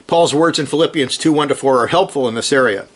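A man with a medium-pitched, slightly breathy voice preaches an earnest, emphatic sermon. He drives his points home with short repeated commands and reads scripture slowly, stress rising as he goes.

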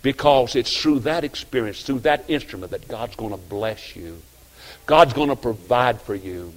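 Older man, pastor, folksy sermon storytelling, quiet asides and loud preaching. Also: medium pitch, animated, normal speed.

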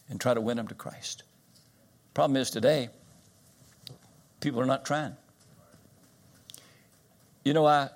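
A man preaching a sermon, swinging from loud high-pitched exclamations to hushed, earnest low tones. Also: creaky.

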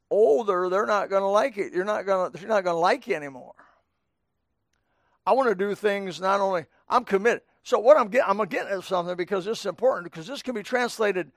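High-voiced man preaching in folksy style. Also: vocal fry, no echo, clean studio sound. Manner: folksy, conversational preaching with asides to the congregation. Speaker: pastor. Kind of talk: sermon. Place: church sanctuary.

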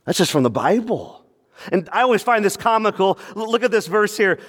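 A pastor preaching a sermon, animated, with playful asides and quick mock voices. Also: male voice, high voice, long reverb tail.

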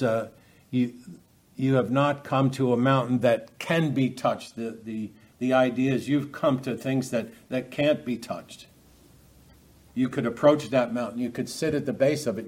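Delivering an expository sermon without a script, a medium-pitched man frequently restarts his sentences and asks his listeners rhetorical questions.

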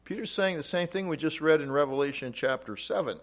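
A man's voice: on the high side, fairly quick. A man preaching an expository Bible teaching, reading verses aloud and explaining them emphatically. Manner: emphatic, rising loud on quoted scripture.

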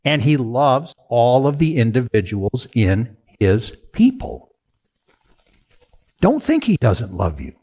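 A male preacher delivers a sermon in a measured, unhurried way. His pitch swings widely and expressively as he poses questions to the congregation and then answers them. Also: slightly rough. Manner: lively preaching, rhetorical questions. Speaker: pastor.

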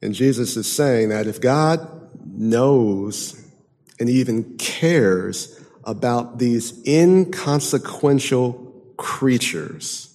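A man preaching a sermon emphatically, moving from loud declaiming to hushed, intense passages. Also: medium pitch, lively intonation, drawn-out words. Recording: long hall reverb.

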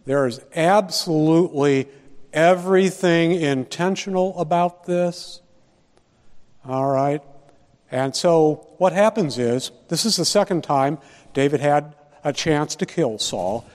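A man teaching a Bible study lecture, deliberate and posing rhetorical questions to his listeners. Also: fairly high pitch, a little mellow, long reverb tail.

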